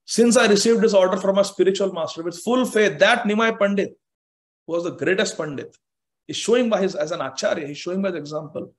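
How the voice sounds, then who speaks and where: A man with a fairly high voice teaching from scripture in an online class. He speaks emphatically and repeats phrases three times to drive a point home. Now and then he chants Sanskrit verses. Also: a little fast.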